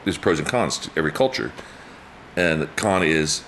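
Deep-voiced man in his fifties telling stories. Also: normal speed, a little hiss or hum. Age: 50s. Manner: animated storyteller, acts out quotes with big pitch jumps, laughs often. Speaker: guest. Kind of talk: casual storytelling chat.

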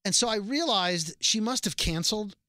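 A male podcast host tells long, winding stories and corrects himself as he goes. His voice is bright and fairly high, and it sounds close and dry. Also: lively intonation, moderate pace, no room sound. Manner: rambling, self-correcting storyteller. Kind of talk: casual chat.

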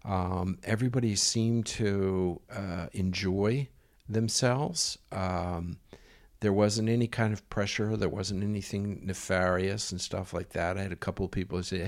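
A man's voice: low-pitched, fairly even intonation, a little slow. A man telling a rambling personal anecdote in a casual way, full of fillers and quoted dialogue. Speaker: storyteller.

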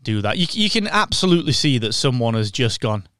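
A man's voice: medium pitch, big pitch swings, brisk, a bit bright, dry recording, studio quality. Sarcastic man co-hosting a podcast. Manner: sarcastic, mocking, slips into impressions. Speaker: podcast co-host. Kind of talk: casual chat.

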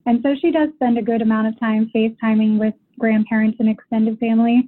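A woman's voice: fairly high pitch, level tone, fairly quick. A mother calling in to a parenting show, explaining things thoughtfully and at length. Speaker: caller, military mother. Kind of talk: casual consultation call. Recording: tinny phone line.

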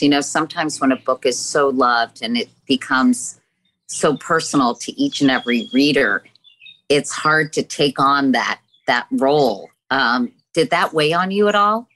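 A woman from Virginia conducts an interview, asking her questions in a chatty, conversational style. Her voice is strikingly deep for a woman, sitting at the very bottom of the range. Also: unhurried, fairly bright tone, slight background noise. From Virginia, USA.

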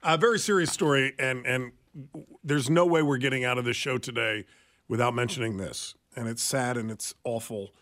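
A radio co-host in a radio studio speaks earnestly, with frequent fillers, delivering talk radio news commentary. His voice is medium-pitched and a bit bright, at a moderate pace.

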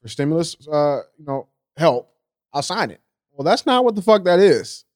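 A man's voice: on the high side, sing-song, moderate pace, dry recording, clean studio sound. A man co-hosting a podcast who speaks bluntly and profanely, telling stories in a casual way. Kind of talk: casual chat.

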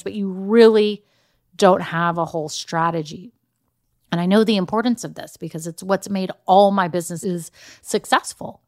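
Woman, podcast business coach, energetic, emphatic, motivational, direct address, dry close sound. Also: medium pitch, dry recording. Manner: energetic, emphatic, pep-talk delivery; addresses listeners directly with "y'all" and "okay?". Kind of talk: motivational solo podcast talk.

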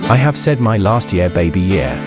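A man's voice: deep voice, expressive, normal speed. A man putting on a stiff, formal, mock-solemn male spy hero in a comedy bit. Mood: contrite. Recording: voice under loud backing music. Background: loud guitar music.

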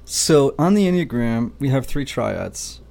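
Male guest, gravelly voice, reflective and explanatory, teaching tone. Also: mid-range voice, big pitch swings, unhurried, darkish tone. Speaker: podcast guest, Enneagram teacher. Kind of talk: casual podcast conversation.

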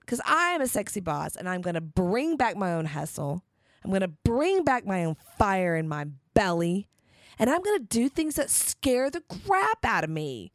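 A woman's voice: medium pitch, sing-song, a little slow, no echo, studio quality. A woman hosting a solo motivational podcast, talking candidly and rambling, with bursts of emphatic energy. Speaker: podcast host.

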